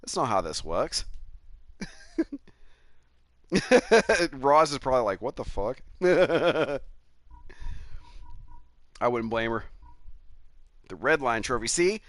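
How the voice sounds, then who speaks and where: A man's voice: fairly high pitch, sing-song, takes it slowly, pauses often, fairly bright tone, dry recording. A man streaming a racing game, chatting casually and telling rambling stories with lots of swearing and chuckles. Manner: rambling, profane, chuckling storyteller. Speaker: gaming streamer.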